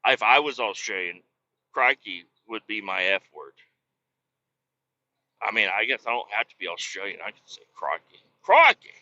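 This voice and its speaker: A man hosting a casual solo podcast from a moving vehicle, rambling and joking with bursts of shouting. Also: mid-range voice, lo-fi sound. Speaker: podcast host. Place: moving vehicle on a bumpy road.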